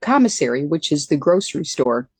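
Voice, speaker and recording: Older woman telling a relaxed story. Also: low voice, a little fast, breathy edge, no echo. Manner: relaxed, chatty, with self-corrections. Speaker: guest, former military pilot. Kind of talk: anecdotal storytelling interview.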